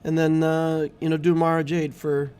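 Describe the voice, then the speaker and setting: A man's voice: a little high, level tone, moderate pace, a little mellow, clean tone. A middle-aged man hosting a gaming channel, chatting casually and easily with his viewers while he streams. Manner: chatty and easygoing, talking to viewers. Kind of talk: casual live-stream commentary.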